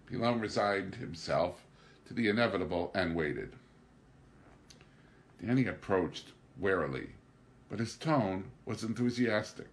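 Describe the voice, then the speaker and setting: A man's voice: animated, measured pace, long pauses. A man reading a novel aloud as an audiobook narrator, narrating evenly and lifting his voice for the dialogue. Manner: raises pitch and volume for dialogue, narrates evenly. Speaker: audiobook reader. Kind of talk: scripted narration.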